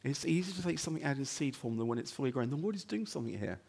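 A man preaching a sermon as the pastor of his church, talking conversationally with rhetorical questions and "okay?" asides, dropping to hushed lines and rising to loud emphatic ones. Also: lively intonation, rapid-fire, vocal fry, breathy edge. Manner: swings between hushed low moments and loud emphatic stretches. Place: church building.

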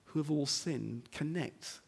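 A man preaching a sermon as the pastor of his church, talking conversationally with rhetorical questions and "okay?" asides, dropping to hushed lines and rising to loud emphatic ones. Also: slow, creaky, breathy edge. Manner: swings between hushed low moments and loud emphatic stretches. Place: church building.

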